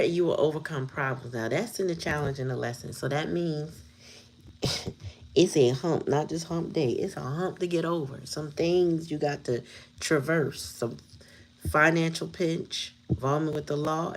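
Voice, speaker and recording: A woman with a low voice gives a casual tarot reading. She talks bluntly, swears freely and laughs often. Faint room noise sits under her voice. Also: moderate pace. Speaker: tarot reader.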